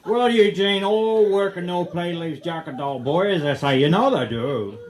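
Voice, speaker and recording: A man's voice: high voice, moderate pace, crowd noise, natural voice. A man playing a cocky swearing Irish-tinged virus. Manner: boastful, swearing, put-on Irish lilt. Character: cocky, foul-mouthed male covid virus. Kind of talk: live comedy sketch.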